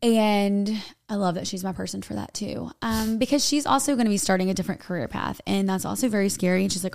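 A young woman co-hosting a podcast rambles through a personal story in casual chat, peppering it with "like." Her mid-range voice is quick, creaky, and a little mellow, with few pauses. The recording is studio quality with no room sound.

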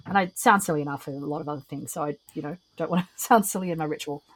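A woman's voice: low voice, very fast, rough recording. A woman, a podcast guest who explains things thoughtfully with frequent ums. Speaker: guest, ritualist and singer. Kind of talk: casual podcast conversation.

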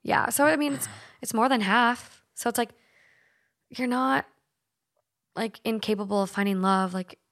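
A woman's voice: fairly high pitch, unhurried, long pauses, a bit bright. A young woman from Minnesota hosting a podcast, chatting casually, swearing freely and using lots of filler words. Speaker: podcast host. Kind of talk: casual chat, reading stories aloud.

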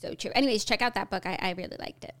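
A woman's voice: medium pitch, fairly bright tone. A woman co-hosting a podcast, chatting casually and playfully about pop culture news. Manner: chatty, playful, quick asides. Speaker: podcast co-host.

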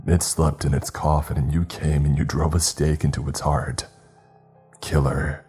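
A man voicing a vengeful vampire lord in a horror story reading, with slow, cold, menacing delivery. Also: very deep voice, little pitch movement, a little mellow, slightly rough, faint music behind, heavily acted.

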